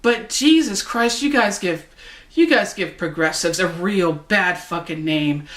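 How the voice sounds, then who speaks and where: A woman's voice: on the low side, expressive, unhurried, a bit bright. A woman vlogger delivering an angry, profane political rant to the camera. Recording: echoey room.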